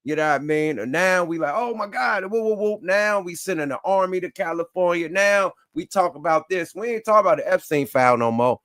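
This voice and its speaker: A man co-hosting a casual podcast discussion. He talks in a loose, animated, profane manner and jumps between points. His voice is slightly high, and the sound is dry and close. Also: brisk, hardly any pauses, clear, resonant tone, no echo. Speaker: co-host.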